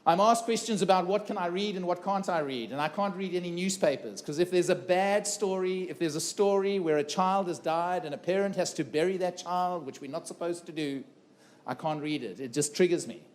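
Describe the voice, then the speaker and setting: A man's voice: sits high, brisk. A middle-aged man gives an earnest keynote talk to a live audience about his own life. He repeats phrases for emphasis and asks the audience questions. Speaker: keynote speaker. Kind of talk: personal story told to a live audience. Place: conference room before a live audience.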